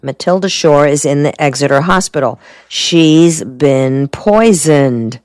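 Man reading a shrewd, calm lawyer. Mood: measured. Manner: measured, low-voiced.

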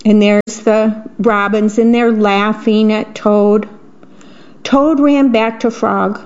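A woman volunteer radio reader, telling a bedtime story in slow, clear storytelling. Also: mid-range voice, fairly even intonation, darkish tone. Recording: slightly dull radio broadcast.

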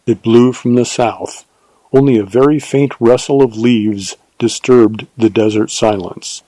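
A man reading a western novel aloud as narrator, in a measured, even storytelling manner. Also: medium pitch, no echo, poor audio. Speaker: audiobook narrator. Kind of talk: scripted narration.

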